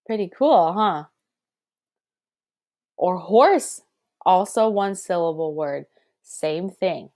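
Slow, sing-song woman teaching kids rhythms. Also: on the low side, animated, darkish tone. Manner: encouraging, sing-song chanting of rhythm syllables. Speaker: elementary music teacher. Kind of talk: children's music lesson.

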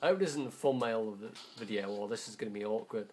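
A man's voice: fairly low pitch, fast, a little mellow, a little hiss or hum. A teenage boy commenting on his gameplay, rambling and correcting himself, easily frustrated. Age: teens. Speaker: gamer.

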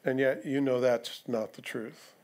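A man's voice: medium pitch, fairly even intonation, a little slow, darkish tone, a little hiss or hum. A male pastor preaching an expository sermon, conversational, with rhetorical questions and asides to the congregation. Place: church sanctuary.

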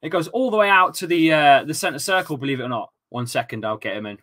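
A man hosting a live football watchalong, talking excitedly, laughing often and shouting during goals. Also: on the high side, quick pace. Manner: excitable, laughing, loud celebrations. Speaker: fan channel host.

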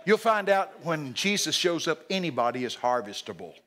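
A man preaching a lively sermon at a church service. His voice sits a little high and rings bright and forceful. He jokes with the congregation and bursts into shouted acted-out lines. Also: normal speed. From Texas.

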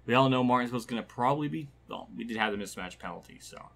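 A man's voice: medium pitch, expressive, fast, vocal fry, a bit bright. A man casually commentating his own racing game career, rambling, laughing and swearing when frustrated. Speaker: gaming channel host.

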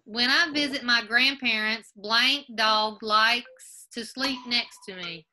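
A woman's voice: on the high side, slow, sharp tone, slight background noise. A woman teacher on a video call, reviewing a grammar quiz with her class and patiently spelling out answers. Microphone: laptop video call.

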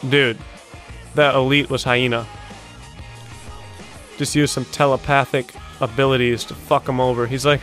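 A young man hosting a video-game montage reaction, talking casually, swearing often and bursting out in excited disbelief. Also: medium pitch, moderate pace, long pauses, soft background music. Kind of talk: casual gaming reaction commentary.

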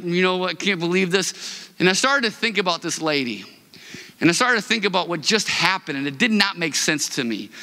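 A man's voice: high voice, bright, forceful tone, long reverb tail. A man preaching a sermon as pastor, talking in a conversational way with many fillers and restarts. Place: church sanctuary.

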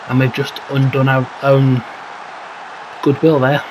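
In poor audio with slight background noise, a gaming commentator gives casual let's-play commentary on a football management game. His medium-pitched voice is flat, darkish and unhurried as he calls out players' names, thinks aloud about tactics and mutters his worries.

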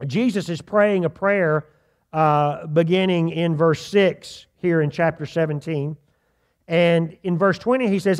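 A man with a fairly high voice preaches to his congregation in a church. He reads scripture slowly and with weight, then turns and asks his listeners direct questions. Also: a little mellow. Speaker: pastor. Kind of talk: sermon. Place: church sanctuary.

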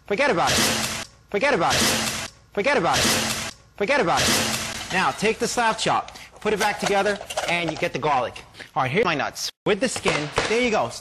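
A man giving a pushy, emphatic product demonstration as an infomercial pitchman. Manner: pushy, emphatic salesman patter.

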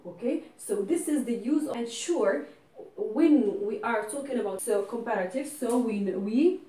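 A woman gives a patient grammar lesson in a fairly high voice. She explains step by step and keeps checking that her students follow. The sound is roomy and echoey, picked up from some way off the mic. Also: a little slow, warm tone. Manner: switches into French and Arabic to explain. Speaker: English teacher. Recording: echoey room, voice from a distance.

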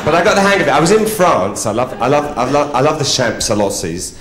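Bawdy drag comic, live. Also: male voice, mid-range voice, sing-song, quick pace. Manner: bawdy, teasing, chatty with the audience. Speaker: drag artist. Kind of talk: live stand-up comedy. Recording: roomy live theatre with laughing crowd.

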